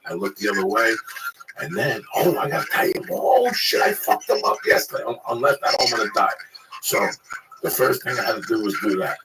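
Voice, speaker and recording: A man from Cuba telling stories in casual, profane, animated chat. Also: lowish voice, a little fast. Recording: distant mic, loud background noise.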